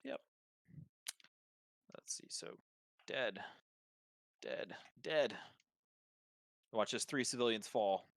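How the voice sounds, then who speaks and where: A man's voice: mid-range voice, extremely slow, long pauses, dry recording. A man narrating as game master of a tabletop game, describing scenes with fillers and restarts.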